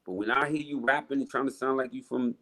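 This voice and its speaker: A man, telling stories in a casual interview, blunt and animated. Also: mid-range voice, fast talker. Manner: blunt, profane, animated storyteller. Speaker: rapper guest.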